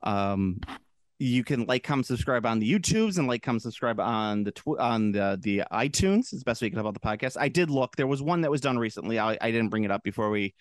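A man's voice: mid-range voice, expressive, quick pace, no room sound. A man co-hosting a podcast, talking casually and opinionatedly, swearing freely. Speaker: podcast co-host.

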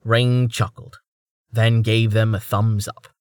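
A man narrating a fantasy audiobook in a calm, measured storytelling voice. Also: on the low side, smooth, no echo, clean studio sound. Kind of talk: scripted narration.

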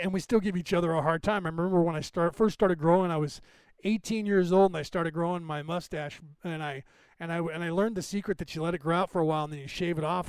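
A man's voice: high-pitched, darkish tone, no room sound. A man in his fifties hosting a podcast, rambling casually through anecdotes and laughing often. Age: 50s. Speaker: podcast host.

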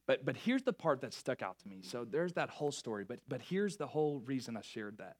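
A young man preaching a sermon, lively and joking with the crowd, often stumbling over and restarting his words. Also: mid-range voice, brisk, few pauses. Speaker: pastor.

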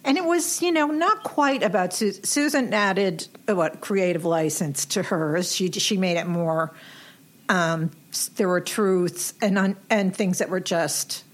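A woman's voice: lowish voice, measured pace. A woman hosting a casual interview, chatty and effusive, laughing often. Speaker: host.

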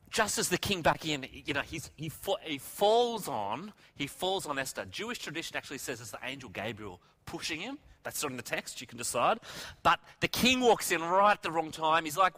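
A middle-aged male preacher telling a Bible story with animated energy. His pitch sits somewhat high and swings widely. His tone is bright and forceful. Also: moderate pace. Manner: animated, acts out characters' lines.

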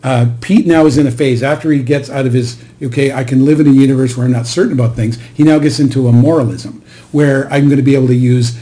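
A man's voice: medium pitch, quick pace. A middle-aged man co-hosting a podcast, retelling a show scene in casual conversation and acting out the quoted lines. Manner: animated storyteller, acts out quoted lines. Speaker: podcast co-host.

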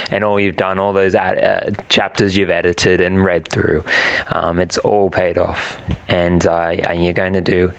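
Deep monotone man, halting heartfelt congratulations. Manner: warm, halting, many fillers. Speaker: friend giving congratulations. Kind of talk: recorded video message.

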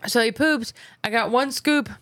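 A woman in her thirties, a podcast co-host, telling a story with lively acted-out quotes and frequent laughs. She is recovering from an illness. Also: on the high side, dry recording, studio quality. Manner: animated storytelling, quick to laugh. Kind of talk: casual chat.

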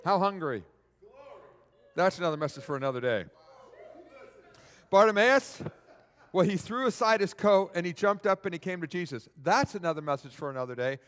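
A man preaching a sermon in a church hall, animated and asking the audience questions. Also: sits high, normal speed, long pauses. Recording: long reverb of a large hall.

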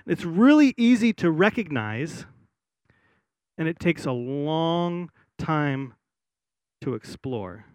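A man preaching a sermon in an easygoing, conversational way, with fillers and restarts, who slows down to read scripture with solemn weight. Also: a little high, very animated, no echo. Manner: reads scripture slowly and solemnly. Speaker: pastor.

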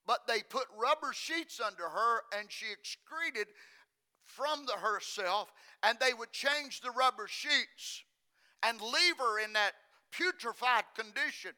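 A male preacher delivering an impassioned sermon, his voice pitched very high and cutting. He moves from near-whispered, intimate passages to full shouting. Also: animated, unhurried. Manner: impassioned, swings from hushed to shouting.

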